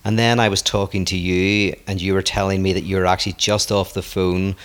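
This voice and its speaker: Man, philosopher co-host, lower voice, dry wit, thoughtful. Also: little pitch movement, brisk. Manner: wry, thoughtful, teasing. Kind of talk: casual podcast chat.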